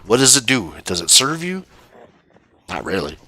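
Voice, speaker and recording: Swearing, animated man chatting over gameplay. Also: fairly low pitch, moderate pace, a little hiss or hum. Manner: profane, rambling, laughs often. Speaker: streamer playing a survival game. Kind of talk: casual gameplay commentary.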